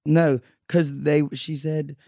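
Gravelly young man, laid-back. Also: a little high, level tone, slow, warm tone, dry recording, studio quality. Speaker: podcast co-host. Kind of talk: casual chat.

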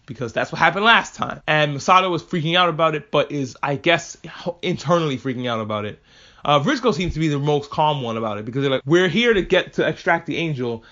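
Man, podcast host, casual recap, swears a lot, fairly high voice, muffled lo-fi sound. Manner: casual, profane, animated asides. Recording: muffled lo-fi audio.

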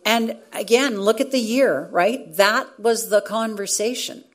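A middle-aged woman with a mid-range voice speaks a little slowly. She is a radio journalist and former show host, earnestly telling a story in conversation and restarting often.

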